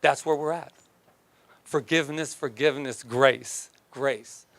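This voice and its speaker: A man's voice: mid-range voice, a little slow, creaky. A man preaching a sermon as minister, emphatic and joking, often laughing as he talks.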